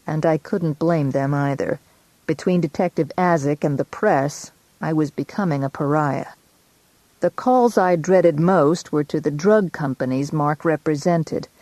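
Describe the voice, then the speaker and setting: A woman narrating a first-person audiobook in a steady, measured storytelling manner, close to the mic. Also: low-pitched, no room sound.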